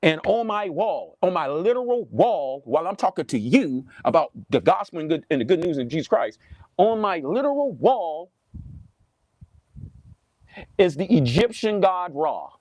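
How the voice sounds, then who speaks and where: A Southern US preacher speaks to camera in a lively voice that leaps up and down in pitch. His pitch sits a little high for a man. He sounds dry and close, as if talking into a webcam on his desk. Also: normal speed, no room sound. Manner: animated, preachy, mocking impressions, repeats himself. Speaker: pastor. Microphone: webcam or phone on a desk, livestream.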